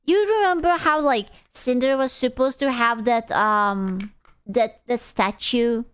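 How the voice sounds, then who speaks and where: Young woman, playful livestream chat, slightly high, smooth clear voice, close mic. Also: a little slow. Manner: playful, silly and excitable, with squealing outbursts. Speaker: streamer.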